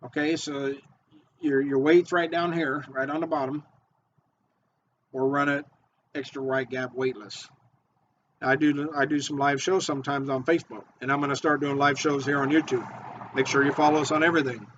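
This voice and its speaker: A man who makes fishing baits and guides charters, giving an excited, repetitive how-to talk. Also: mid-range voice, moderate pace, slight background noise. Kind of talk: casual how-to video talk. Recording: dull lo-fi audio.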